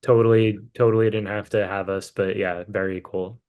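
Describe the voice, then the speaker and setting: A man's voice: on the low side, little pitch movement, moderate pace, darkish tone, smooth. A man appearing as a podcast guest who tells a road story in a casual, rambling way, full of fillers. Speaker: musician guest.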